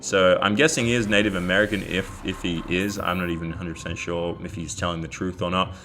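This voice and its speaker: A man's voice: low-pitched, fairly even intonation, quick pace, fairly bright tone, soft background music. An Australian man telling a story in a casual vlog, bemused as he recounts chat messages. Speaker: YouTuber.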